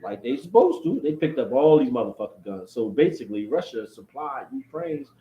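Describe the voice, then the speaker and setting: A man's voice: mid-range voice, fairly quick, muffled recording. A man ranting casually to his viewers, profane and repetitive, jumping from topic to topic. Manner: profane, animated, repeats himself. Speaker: vlogger. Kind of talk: casual rant to camera. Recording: echoey room with faint background noise.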